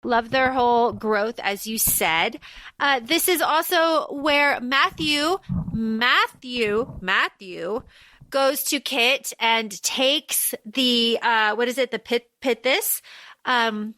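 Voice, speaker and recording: Bright high-ish woman doing a chatty book recap podcast, dry close sound. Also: slow, no echo. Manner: animated, acts out characters' lines mid-recap. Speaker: podcast co-host. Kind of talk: casual book discussion.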